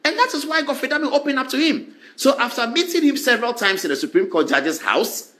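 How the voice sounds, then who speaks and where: A man with a Ghanaian accent giving animated political commentary, acting out quoted exchanges as he goes. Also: very high voice, brisk.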